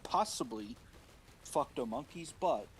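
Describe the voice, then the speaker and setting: A man streaming from home, chatting casually and irreverently, rambling and breaking into loud put-on voices. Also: mid-range voice, lively intonation, a little slow, slight background noise.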